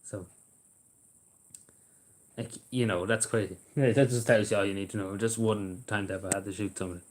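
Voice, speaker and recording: A man's voice: fairly low pitch, fairly even intonation, fairly quick. An Irish man hosting a live stream, chatting casually in a blunt, rambling way and swearing freely, recorded on a camera mic indoors. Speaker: livestream host. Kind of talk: casual chat to a live audience.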